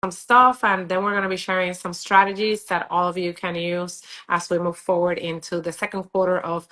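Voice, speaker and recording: A woman hosting a live stream, her nose stuffed up from a cold. She talks in a chatty, upbeat way with lots of fillers, and her tone is bright and forward. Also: lowish voice, steady tone, a little fast. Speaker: real estate agent hosting a live stream. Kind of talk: casual live-stream talk.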